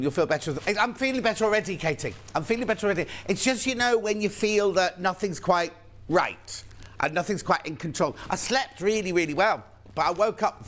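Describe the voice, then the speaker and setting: A chatty, playful man hosts a live TV shopping show, his voice sitting a little higher than most men's. He chats easily and reads out viewers' messages between product pitches. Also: fairly bright tone. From United Kingdom. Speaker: shopping channel presenter. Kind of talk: live TV sales presentation.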